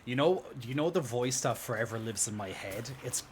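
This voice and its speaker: A man live-streaming a game, chatting casually and rambling excitedly with lots of fillers and laughter. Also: mid-range voice, brisk, a little hiss or hum. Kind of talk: casual live-stream chat while gaming.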